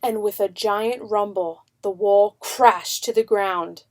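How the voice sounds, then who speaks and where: A woman narrating a children's picture book in an unhurried, expressive way. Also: medium pitch.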